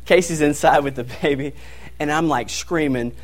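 A young man preaching a sermon, telling a family story in an animated way and laughing as he goes. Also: fairly high pitch, normal speed, faint music behind. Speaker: pastor.

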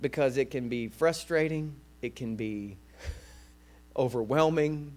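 A man preaching a sermon as a guest preacher, energetic and conversational, often repeating words as he restarts. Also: mid-range voice, takes it slowly.

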